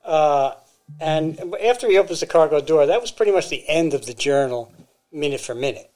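A man's voice: a little high, animated, normal speed, a little mellow. A man co-hosting a podcast, casually retelling a story with fillers and restarts. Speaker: podcast co-host.

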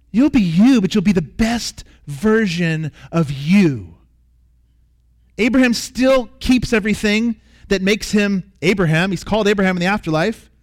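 A man with a high voice preaches a sermon, repeating himself earnestly and emphatically and sometimes sinking to a soft near-whisper.

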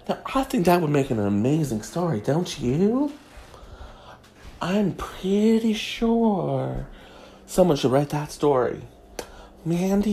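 A woman's voice: medium pitch, mellow, a little hiss or hum. A woman host giving a crude comedic monologue, snarky and gossipy.

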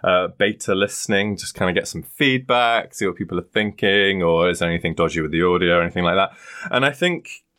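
A man's voice: sits low, brisk, a bit bright. A young man co-hosting a podcast, chatting casually with crude jokes and frequent laughs. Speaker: podcast co-host. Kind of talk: casual chat.

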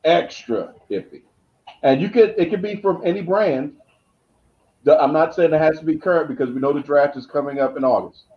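A man's voice: fairly high pitch, animated, a little fast, lo-fi sound. A man co-hosting a casual wrestling chat, pushing questions and laying out booking ideas. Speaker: podcast co-host.

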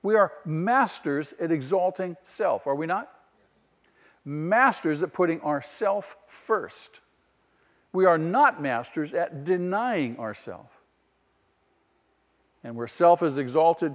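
A man's voice: fairly high pitch, lively intonation, takes it slowly. Man preaching with long hall reverb. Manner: emphatic preaching with rhetorical questions to the congregation. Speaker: pastor. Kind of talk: sermon.

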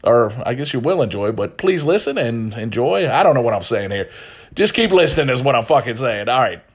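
A man's voice: medium pitch, big pitch swings, a little fast. A man hosting a casual podcast, talking in a rambling, profane, self-deprecating way. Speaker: podcast host.

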